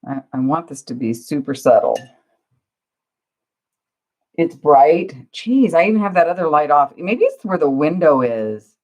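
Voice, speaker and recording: A woman's voice: low voice, animated, measured pace, long pauses, a little mellow. A woman hosting a casual crafting livestream, flustered and self-deprecating, chatting to her viewers while she works. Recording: dull lo-fi livestream audio.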